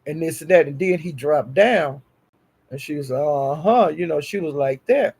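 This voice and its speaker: A man telling a gossipy story in a casual, animated way. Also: on the high side, moderate pace, creaky, husky.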